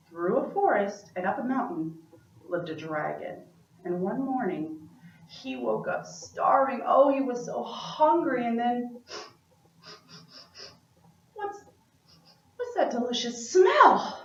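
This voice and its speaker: A woman's voice: medium pitch, slight background noise. A woman telling a story aloud as a performance, playful and chatty with asides to her listeners. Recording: roomy, distant, dull-sounding room recording.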